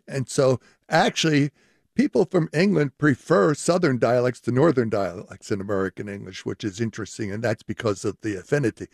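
A man's voice: medium pitch, no room sound, clean studio sound. An older man, a linguistics professor, explaining at length in a radio interview and laughing often.

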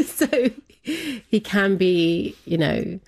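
Speaking very slowly, a woman with a mid-range, darkish voice and big swings in pitch tells a personal family story as an interview guest. The conversation is casual and chatty; she laughs often and acts out what people said.

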